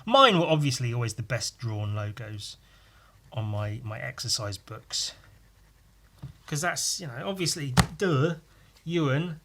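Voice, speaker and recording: A man's voice: medium pitch, animated, unhurried, fairly bright tone, a little hiss or hum. A man hosting a podcast, rambling casually with crude, self-mocking humour while he draws. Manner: talks while drawing. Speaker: podcast host.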